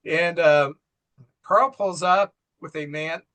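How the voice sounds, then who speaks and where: A man's voice: fairly high pitch, takes it slowly, pushed and bright. A middle-aged man co-hosting a casual movie recap, acting out the film's dialogue in quoted voices and laughing at his own jokes. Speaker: co-host, father.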